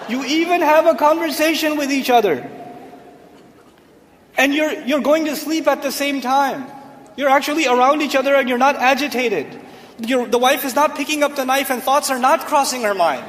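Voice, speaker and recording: A man's voice: extremely high pitch, a little fast, a bit bright, long reverb tail, slight background noise. A man giving a humorous Islamic lecture from a stage to a live audience, asking rhetorical questions and joking. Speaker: Islamic speaker. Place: large hall, on stage.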